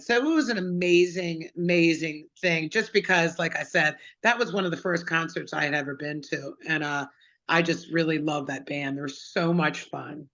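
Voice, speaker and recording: A woman's voice: deep voice, fairly bright tone, lo-fi sound. A middle-aged woman singer-songwriter, chatting as an interview guest, telling stories with lots of fillers. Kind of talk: casual interview chat.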